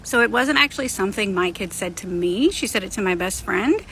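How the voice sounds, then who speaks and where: A woman telling an anecdote about her daughter in an animated way. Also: medium pitch, brisk, a little hiss or hum, rough recording. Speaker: parent telling a story. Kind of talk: casual storytelling.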